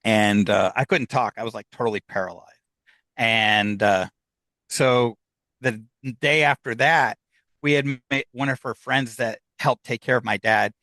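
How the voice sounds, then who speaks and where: A man's voice: mid-range voice, a little slow, bright, forceful tone, no room sound. Middle-aged American man, guest storyteller, ordinary mid-range voice, chatty and anecdotal, dry close recording. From United States. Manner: rambling anecdotal telling, acting out what others said. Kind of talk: casual storytelling.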